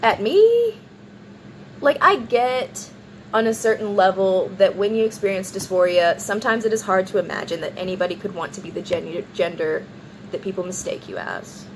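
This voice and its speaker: A woman in a casual vlog retells a wild night, rambling and animated, with "like" in nearly every sentence as she slips into other people's lines. Her pitch sits in the middle of the range, and faint background noise hums under the recording. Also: brisk. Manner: rambling, animated retelling with many "like"s and acted-out quotes. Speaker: vlogger.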